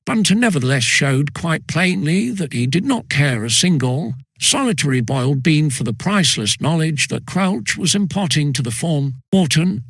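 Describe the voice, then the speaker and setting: A man reading a schoolboy story aloud in a measured, wry storybook narration. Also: fairly high pitch, fairly bright tone, dry recording, studio quality. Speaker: audiobook reader.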